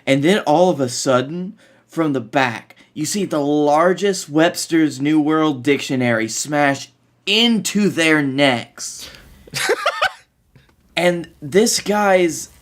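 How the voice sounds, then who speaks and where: A man co-hosting a podcast, pitching ideas and teasing his co-hosts in wry, casual banter. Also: expressive, slow pace. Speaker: podcast co-host.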